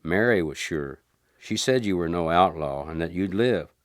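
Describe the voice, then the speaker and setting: A man's voice: low-pitched, expressive, normal speed, no echo, studio quality. A man voicing an earnest, loyal posse rider in the desert.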